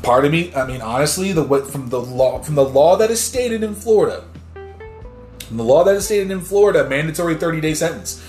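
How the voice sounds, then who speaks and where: A man's voice: on the high side, animated, fairly quick, darkish tone. A man hosting a podcast, ranting heatedly about the news in blunt, short, swearing sentences. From New Jersey. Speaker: podcast host. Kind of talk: casual news commentary. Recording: echoey room with faint music.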